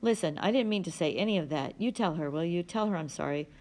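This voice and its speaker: A woman's voice: lowish voice, lively intonation, fast, darkish tone. A woman reading the lines of a withdrawn, anxious teenage boy in a strained, apologetic way. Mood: pleading.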